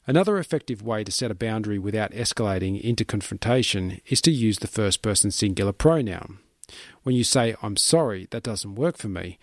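A man reading a book summary aloud in steady, measured scripted narration. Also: medium pitch, dry recording, studio quality.

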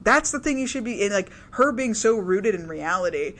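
A man's voice: high-pitched, lively intonation, moderate pace, bright, forceful tone, slight background noise. A man co-hosting a casual chat about a TV show, enthusiastic and swearing often. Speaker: podcast co-host.

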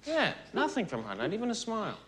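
An actor playing a wisecracking man on a date, joking quickly and amused with himself in film dialogue. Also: high voice, fairly bright tone, slight background noise, full character voice.

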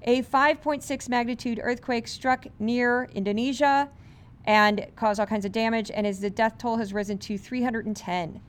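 Brisk sarcastic woman podcast host. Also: fairly high pitch, fairly even intonation, clear, resonant tone. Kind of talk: media commentary podcast.

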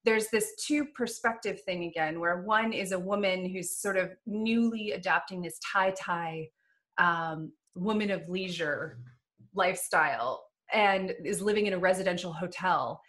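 A woman's voice: fairly low pitch, measured pace, fairly bright tone. A woman podcast host chatting casually about books she has read, laughing easily.

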